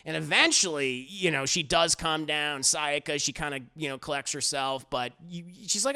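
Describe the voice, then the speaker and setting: A male anime reviewer recapping an episode in a loose, animated way, swearing freely and leaning on fillers. His voice is gravelly, with a bright, forceful edge. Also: a little high, normal speed, hardly any pauses. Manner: animated and profane, with frequent fillers.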